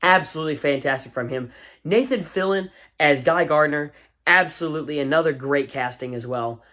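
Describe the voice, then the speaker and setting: A man's voice: on the high side, moderate pace, pushed and bright. A man giving a casual spoken movie review, enthusiastic and rambling, with fillers and restarts.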